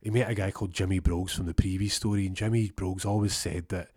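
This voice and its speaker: A young man telling a comic story with lively energy, acting out the voices and sound effects. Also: low voice, fast, dry recording, studio quality.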